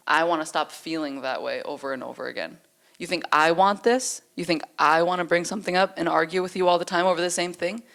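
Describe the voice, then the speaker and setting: A woman's voice: low voice, fairly bright tone. A woman co-hosting a relationship podcast, arguing her side in a heated, blunt way and swearing freely. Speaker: podcast co-host. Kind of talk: casual relationship debate.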